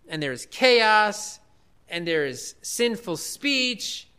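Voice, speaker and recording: A man preaching a sermon, reading scripture aloud and building to loud, emphatic declarations. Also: sits high, smooth.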